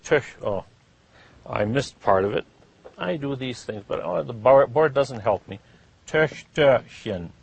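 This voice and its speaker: A man's voice: mid-range voice, animated, measured pace, creaky, husky. A man teaching a German class, drawing out vowels to demonstrate them and checking in with "huh?" after each point. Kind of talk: classroom lecture.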